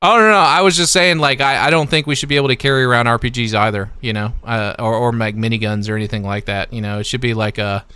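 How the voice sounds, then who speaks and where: Bright, crisp-voiced male stream host. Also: medium pitch, fairly even intonation, fast, few pauses, no echo. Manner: easygoing, chatty, lots of fillers. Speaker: livestream host. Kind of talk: casual chat with callers.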